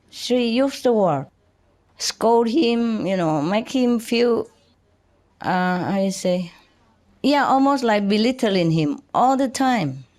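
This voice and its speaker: A woman's voice: medium pitch, darkish tone. Older lady spiritual teacher, chatty, broken english, lots of little laughs. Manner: chatty, laughs often, simple halting English. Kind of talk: informal spiritual talk.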